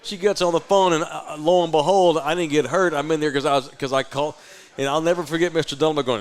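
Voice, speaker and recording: A loud man hosting a live podcast, spinning a profane, animated story. His voice sits somewhat high for a man and he swings between laughing asides and hushed retellings. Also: fast talker. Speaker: podcast host.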